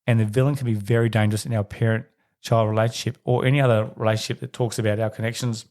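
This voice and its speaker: Man with a mellow voice. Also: level tone, quick pace. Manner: conversational, reflective, addresses listeners directly; acts out quoted voices in a higher pitch. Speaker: podcast host. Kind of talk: solo podcast monologue.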